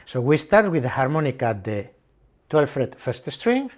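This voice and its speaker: A man talks through a guitar setup at his workbench, going step by step and repeating the key numbers. His voice is lively and animated, with plenty of rises and falls as he stresses each point. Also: medium pitch, moderate pace. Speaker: guitar tech and channel host. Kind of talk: hands-on setup tutorial.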